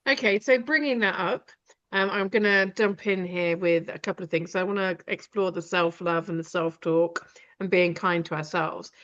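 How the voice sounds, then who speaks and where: Woman, British, host, low voice, direct, rambling, dull lo-fi sound. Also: normal speed, a bit bright. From Britain. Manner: direct, rambling with many fillers. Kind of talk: live conversation.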